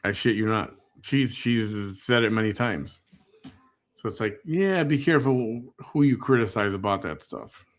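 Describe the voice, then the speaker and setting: A man's voice: fairly low pitch, measured pace. A man hosting, commenting on a replayed clip in a wry, critical, laid-back way. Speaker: commentary host. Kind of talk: casual commentary.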